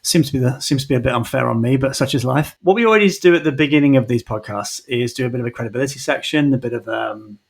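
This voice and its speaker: A man's voice: medium pitch, fast, creaky, few pauses, slightly rough. A middle-aged man hosting a marketing podcast, chatty and rambling, with many ums and restarts. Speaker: podcast host. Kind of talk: casual interview talk.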